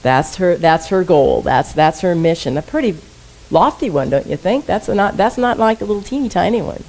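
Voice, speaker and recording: A woman's voice: on the low side, expressive, normal speed, a little mellow, poor audio. A woman minister giving a conversational sermon to her congregation, often asking them questions. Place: church sanctuary.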